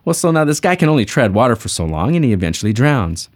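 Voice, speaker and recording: A man's voice: mid-range voice, sing-song, quick pace. A man giving a folksy, conversational sales training lesson, teaching techniques through stories.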